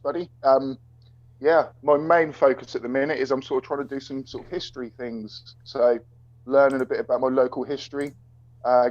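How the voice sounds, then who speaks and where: Man, relaxed moderator, muffled lo-fi stream audio. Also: medium pitch. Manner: easygoing, laid-back. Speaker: debate moderator. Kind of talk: casual livestream talk. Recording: dull lo-fi online audio.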